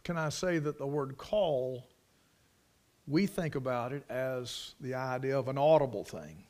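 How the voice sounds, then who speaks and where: A man preaching a sermon, moving from quiet storytelling to loud, emphatic preaching. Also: medium pitch, animated, unhurried.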